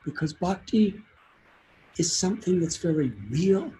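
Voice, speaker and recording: A man's voice: high-pitched, measured pace, mellow, slight background noise, low-quality recording. A man telling a devotional story as a sermon, in an earnest and heartfelt way. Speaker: spiritual teacher giving a talk.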